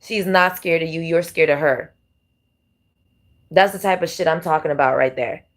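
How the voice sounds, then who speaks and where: A woman's voice: low voice, moderate pace. A woman doing a tarot reading who rambles in a casual, repetitive way and leans heavily on fillers. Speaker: tarot reader.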